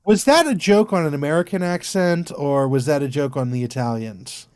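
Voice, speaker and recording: Podcast guy, slightly high voice, dead dry mic, reads out scores and corrects his cohost. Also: moderate pace, darkish tone, smooth, no room sound. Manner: dry, corrective, keeps things on track. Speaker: podcast co-host. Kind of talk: casual chat.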